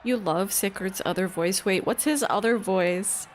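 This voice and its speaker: A woman's voice: mid-range voice, measured pace, slight background noise. A woman streaming a game, chatting casually and guessing aloud as she reacts. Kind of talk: casual commentary over gameplay.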